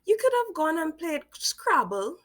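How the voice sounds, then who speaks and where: Caribbean lady reacting, slow and very lively, keeps asking how. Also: high-pitched. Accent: Caribbean English. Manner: incredulous, repeats rhetorical questions. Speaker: reaction video host. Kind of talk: reaction commentary.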